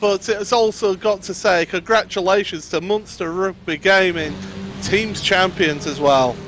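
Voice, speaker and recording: A man co-commentating on a live esports race, reacting with measured exclamations. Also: high voice, noisy background.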